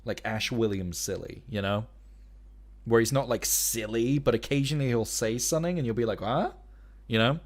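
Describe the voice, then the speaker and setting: A man's voice: mid-range voice, fairly quick. A man hosting a live stream in casual chat, ranting in an exasperated, profane way. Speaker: streamer and show host.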